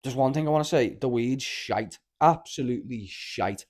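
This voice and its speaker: This man hosts a casual podcast in a Scouse accent from Liverpool, rambling through sweary stories and dropping "lad" all the time. He speaks at normal speed with a medium pitch and a slightly mellow quality.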